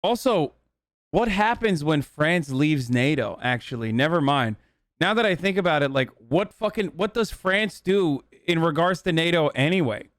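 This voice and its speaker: A male livestreamer rambles through casual chat, loose and profane and full of fillers. His voice sits a little high for a man and comes across smooth and resonant. The recording is dry and close. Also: animated, moderate pace, no room sound.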